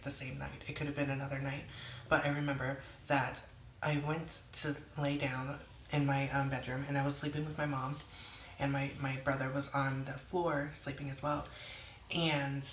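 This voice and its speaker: A young adult in their twenties tells a storytime at home in a rambling, off-the-cuff way, slipping into swearing and catching themself. The voice is bright and sharp but stays flat in pitch. The room sounds echoey, with faint noise behind. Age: 20s. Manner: rambling, swears then apologizes. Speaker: vlogger. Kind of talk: casual storytime. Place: indoors at home.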